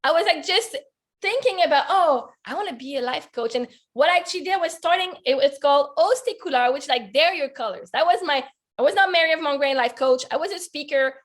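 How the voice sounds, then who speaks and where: A woman's voice: sits high, animated, brisk. A woman life coach telling a personal story on a video call, earnest and heartfelt, talking with lots of "like" fillers.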